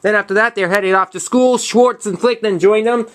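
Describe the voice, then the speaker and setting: A young man hosting his own movie review, retelling a plot in a casual, halting way full of restarts and false starts. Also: high-pitched, steady tone, a bit bright.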